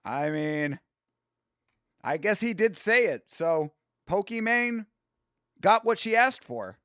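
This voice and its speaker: A man's voice: high-pitched, animated, slow, a bit bright, clear, resonant tone, no room sound, clean studio sound. A young man hosting a casual MMA live stream, rambling and swearing freely, with many fillers. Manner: rambling, profane, filler-heavy.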